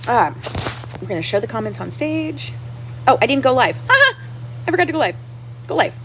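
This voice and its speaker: A woman with a somewhat high voice hosts a casual livestream from home and talks straight to her viewers. She repeats herself and sounds restless and upset. A faint hum sits behind her. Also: very animated, fairly quick, rough recording. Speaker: livestream host.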